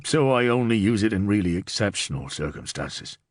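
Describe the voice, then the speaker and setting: A man voicing a wily, weather-beaten older sergeant with a gruff, sardonic manner in an audiobook. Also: lowish voice, expressive, fairly quick, no room sound, studio quality.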